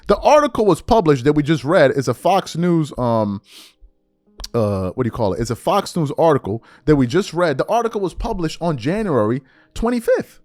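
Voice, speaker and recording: A man's voice: on the high side, sing-song, normal speed, darkish tone, dry recording, faint music behind. A middle-aged man hosting a political commentary monologue, incredulous and full of rhetorical questions.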